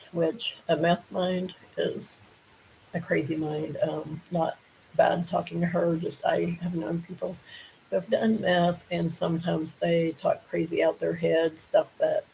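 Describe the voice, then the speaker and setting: A woman's voice: low voice, vocal fry, mellow, slight background noise, poor audio. A woman hosting a casual true-crime show, reading from reports and questioning the story aloud in a conversational way.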